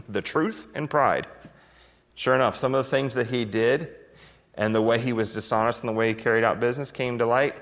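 A man preaching a sermon as a pastor, telling folksy stories with chuckles and emphatic swings in loudness. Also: mid-range voice, long reverb tail.

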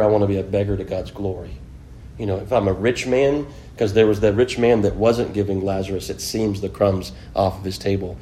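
A deep, mellow male voice, with slight background noise. He preaches a chatty, informal Bible lesson, questioning his class and frequently filling in with "you know."

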